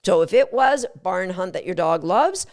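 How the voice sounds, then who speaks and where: A woman dog trainer hosting an instructional podcast, emphatic and lively, acting out little quotes as she explains. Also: on the low side, moderate pace. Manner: animated, emphatic, acts out quotes.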